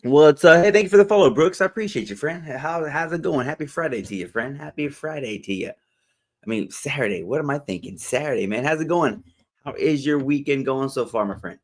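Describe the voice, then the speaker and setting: An upbeat man hosting a casual livestream, his voice sitting high for a man. He swings his pitch widely as he greets viewers one by one and laughs easily. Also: lively intonation, a little fast. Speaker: motivational livestream host. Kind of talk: casual live-stream chat greeting viewers.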